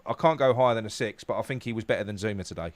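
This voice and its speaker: A man's voice: fairly low pitch, very fast, dry recording. A man hosting a casual football chat, stumbling over repeated words as he leads the discussion. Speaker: podcast host.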